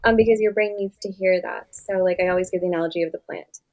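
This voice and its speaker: A woman's voice: lowish voice, fairly even intonation, quick pace, darkish tone. A young woman therapist speaking casually in an interview, animatedly acting out conversations with her clients. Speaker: therapist guest.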